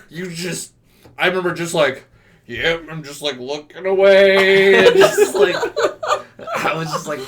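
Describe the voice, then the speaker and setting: Bright, animated man chatting slowly. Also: a little high. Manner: animated storyteller, laughs often while telling. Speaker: podcast co-host. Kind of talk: casual chat.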